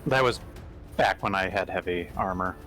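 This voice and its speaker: A man playing in a tabletop game, speaking in an unhurried, wry way. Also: low-pitched, sharp tone, soft background music. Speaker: player. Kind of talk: casual tabletop game chat.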